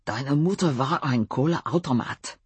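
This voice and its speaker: A woman voicing a grumpy older male mechanic with a German accent, growling and muttering slowly. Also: deep voice, lively intonation, breathy edge, no room sound. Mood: grumbling. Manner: growling, muttering, slow and surly.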